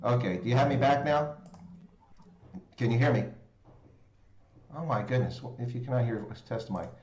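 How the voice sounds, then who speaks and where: Male stream host, chatty storyteller, average pitch, roomy echo on the mic. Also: moderate pace, darkish tone, dull audio. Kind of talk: casual live stream chat.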